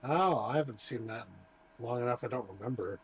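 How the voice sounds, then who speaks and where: A man co-hosting a casual movie chat show, talking enthusiastically, swearing freely and pausing often on fillers. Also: mid-range voice, slightly rough. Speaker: podcast co-host.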